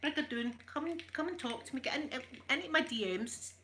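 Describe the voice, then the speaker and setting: A woman's voice: high-pitched, fairly quick, pushed and bright, slight background noise. A middle-aged woman with a Scottish accent chatting casually and joking through an ASMR ironing video, laughing often. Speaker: ASMR creator.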